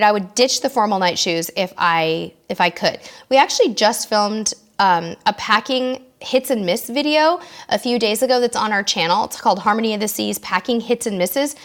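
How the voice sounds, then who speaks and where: A woman's voice: fairly high pitch, fairly bright tone. A woman hosting a casual live-stream Q&A, reading out viewers' questions and answering them in a friendly, chatty way. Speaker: host of a live cruise Q&A.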